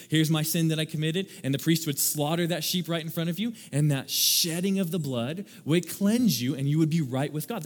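A man preaching a sermon as pastor, animated, acting out little scenes and laughing at his own jokes. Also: fairly high pitch. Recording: long hall reverb.

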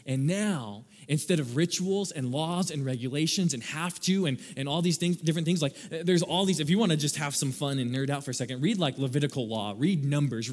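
A man preaching a sermon as pastor, animated, acting out little scenes and laughing at his own jokes. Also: fairly high pitch. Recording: long hall reverb.

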